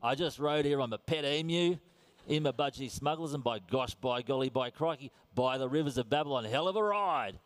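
A man's voice: medium pitch, a little fast, pitched above the performer's own voice, natural voice. A man putting on a brash broad-Aussie bloke caricature. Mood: jokey. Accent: Australian. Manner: over-the-top comic caricature.

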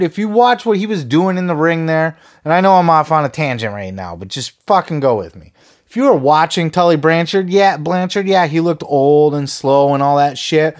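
A man's voice: on the high side, lively intonation, moderate pace. A man hosting a podcast, ranting heatedly with lots of swearing and sarcastic put-downs of his listeners. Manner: profane, heated, sarcastic mocking. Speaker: podcast host.

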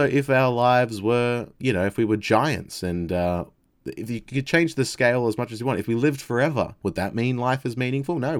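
An Australian man reading quoted passages and explaining philosophy in a thoughtful way, with hesitant asides. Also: fairly low pitch.

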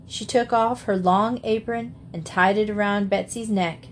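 A woman narrating a classic children's novel in a steady, measured reading voice. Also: medium pitch, slight background noise. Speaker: audiobook narrator. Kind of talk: storybook narration.

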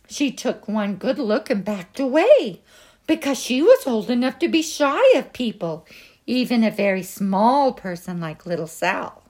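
A woman reads a children's picture book aloud, slowly and gently. Her voice sits a little high and moves a lot. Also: big pitch swings. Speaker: storybook reader.

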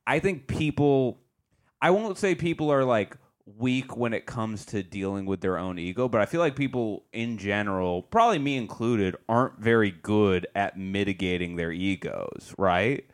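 A man co-hosting a podcast, reasoning calmly and pushing back on his friend. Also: lowish voice, moderate pace, smooth. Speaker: podcast co-host. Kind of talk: casual podcast chat.

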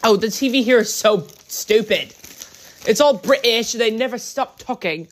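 A woman's voice: a little high, animated, moderate pace, slight background noise. A woman chatting casually about her day for a travel vlog in a hotel room, rambling with lots of "like". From United States. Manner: chatty, rambling, many "like" fillers.

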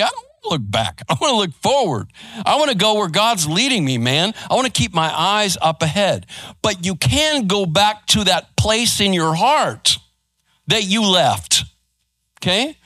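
A male pastor with a Texan accent delivers a sermon in a casual, conversational way, often checking in with his listeners. His voice sits high and swings widely in pitch, and the tone is bright and forceful. The sound is dry and close. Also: no room sound. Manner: conversational preaching, frequent "right?" and "man". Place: church sanctuary.

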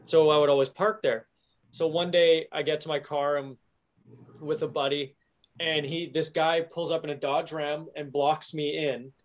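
A young man hosting a casual chat, telling an animated story and laughing at it. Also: fairly high pitch, normal speed. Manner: animated storyteller, laughs at his own stories.

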